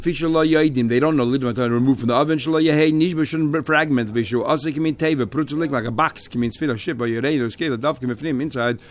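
A man leads a Talmud class at a quick clip, reading out Hebrew and Aramaic lines and translating them into as he goes. His voice sits at an ordinary middle pitch. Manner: reads Hebrew and Aramaic phrases then explains in English. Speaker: Talmud teacher.

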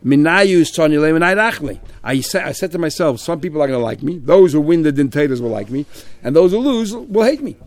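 A man teaching a Talmud class, quickly translating Aramaic phrase by phrase. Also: on the high side, no echo.

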